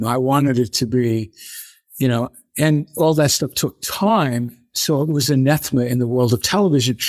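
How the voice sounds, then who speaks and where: An older man, a guest in an interview, telling animated stories and acting out the people he quotes. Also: medium pitch, dry recording, clean studio sound. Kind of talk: conversational interview storytelling.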